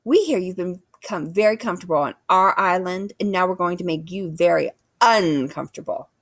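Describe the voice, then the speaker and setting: A woman's voice: on the low side, brisk, no room sound, studio quality. Woman doing a bossy sarcastic bear girl.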